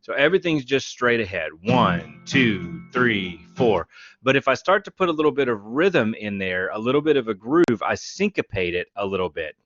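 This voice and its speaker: A man teaching a music class, counting beats out loud and showing rhythms on guitar. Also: medium pitch, expressive, a little fast, hardly any pauses, lo-fi sound. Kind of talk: lecture.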